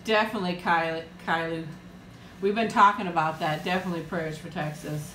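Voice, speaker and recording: A woman's voice: on the low side, fairly even intonation, fairly quick, echoey room, noisy background. A woman hosting a casual live-chat eating stream from home, talking in a rambling way and laughing often. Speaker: livestream host.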